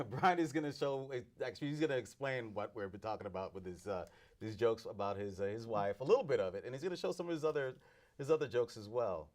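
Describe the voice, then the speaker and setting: A man hosting the show, interviewing a comedian with quick, casual questions and chuckles. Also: mid-range voice, darkish tone.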